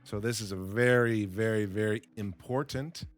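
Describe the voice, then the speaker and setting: A man giving a slow, simple English lesson as a voice-over on game footage, repeating words and reacting with excitement to the action. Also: fairly low pitch, soft background music. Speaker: English teacher.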